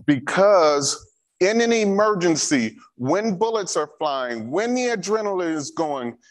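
A man's voice: sits high, very animated, a little slow. A man giving a church safety training talk, repeating key instructions and telling a personal story.

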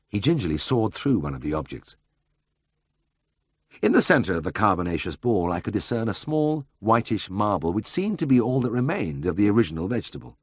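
A man reads a first-person memoir in a measured storytelling manner. His voice sits fairly low with a husky grain and an animated melody, recorded dry and close. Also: no echo. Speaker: audiobook narrator.

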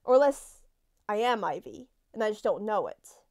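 A woman's voice: medium pitch, big pitch swings, normal speed, darkish tone. A woman giving live gameplay commentary. She is jumpy, swears a lot and talks back to the game characters. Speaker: let's play gamer.

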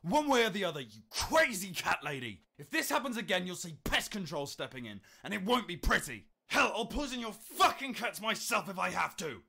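An actor playing an angry middle-aged male neighbor, shouting abrasively. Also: sits high, big pitch swings, fairly quick, gravelly, hardly any pauses, husky, exaggerated voice. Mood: furious.

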